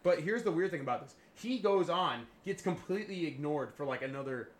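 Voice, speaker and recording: A man's voice: fairly high pitch, fairly quick, reverberant. A man hosting a casual podcast, telling a history story with lots of swearing and laughter. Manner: swears freely, laughs often, animated storytelling. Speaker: podcast host presenting a history topic.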